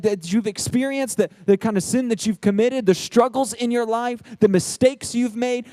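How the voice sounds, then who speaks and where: A man with a high voice and a mellow, dark tone preaches a sermon. He talks earnestly and with animation, sometimes stumbling into quick restarts. The sound is dry and close. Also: no echo. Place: church.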